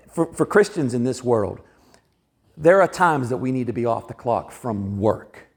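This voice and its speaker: A man preaching a sermon in a church, talking in a conversational, animated way and acting out the people he quotes. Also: mid-range voice, normal speed. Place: church sanctuary.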